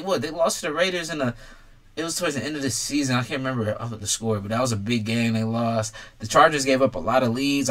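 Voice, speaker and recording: A man's voice: medium pitch, a bit bright. Profane, blunt young man talking football. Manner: blunt, profane, talks straight to fans. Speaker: sports commentator ranking quarterbacks. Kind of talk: casual sports opinion vlog.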